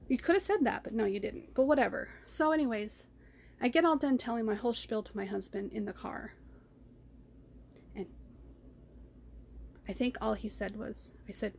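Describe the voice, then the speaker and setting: A woman's voice: fairly high pitch, lively intonation, moderate pace, creaky, pauses often, a little hiss or hum. A woman talking in a raw personal vlog, rambling and ranting, often repeating herself. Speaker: vlogger. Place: car.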